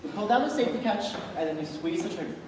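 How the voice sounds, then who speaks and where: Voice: mid-range voice, racing, natural voice. A student playing a matter-of-fact escape planner. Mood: instructing. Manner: calm, matter-of-fact instructing. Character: cautious, businesslike escape organizer. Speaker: student actor. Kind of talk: stage play performance. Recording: echoey hall from far off, noisy.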